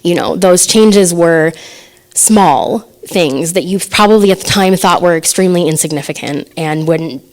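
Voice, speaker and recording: A woman's voice: lowish voice, normal speed. A woman in her thirties giving a personal testimony to her congregation, hesitant and full of fillers, emotional and laughing nervously between phrases. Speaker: assisting minister giving a message.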